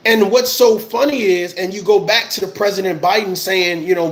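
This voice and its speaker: Guy with a really high voice going off on a rant, repeats himself a lot, fired up commentary. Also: moderate pace. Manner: impassioned ranting with repeated phrases. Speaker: army veteran commentator. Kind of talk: heated livestream commentary.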